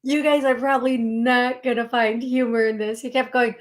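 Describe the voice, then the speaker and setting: A woman's voice: on the high side, flat delivery, moderate pace. A woman hosting a live call-in psychic medium show, chatting in a rambling way with many fillers and restarts.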